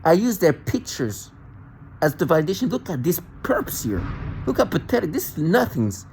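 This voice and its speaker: A man speaking to the camera in an agitated monologue, halting and repeating words as he restarts sentences. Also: on the high side, sing-song, vocal fry, darkish tone, slight background noise, rough recording. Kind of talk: self-recorded monologue rant.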